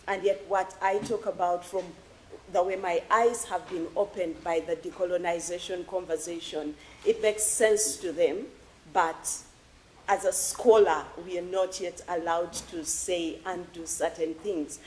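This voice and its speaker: A woman from Uganda asking an earnest, emotional question at an academic forum in a lecture hall, with halting restarts. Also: on the low side, fairly even intonation, a little mellow, a little hiss or hum. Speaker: audience member asking a question.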